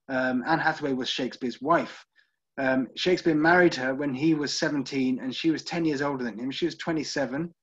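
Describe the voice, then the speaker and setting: Chatty man guiding a tour. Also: medium pitch. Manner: chatty, wry asides, many ums. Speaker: tour guide. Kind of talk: casual online tour talk. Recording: slightly dull lo-fi recording.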